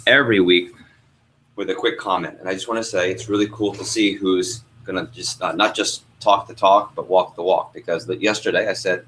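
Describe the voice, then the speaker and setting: A man's voice: low-pitched, steady tone, fairly quick, fairly bright tone, a little hiss or hum, rough recording. A young man, a sales trainer, teaching a workshop room and telling a story, asking the audience questions as he goes.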